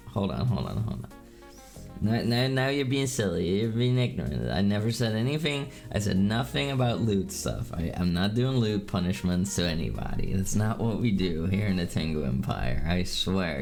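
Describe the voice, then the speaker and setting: A man streaming live with a slightly worn, gravelly voice, reading chat messages and joking with playful mock-menacing teasing. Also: low-pitched, sing-song, normal speed, soft background music.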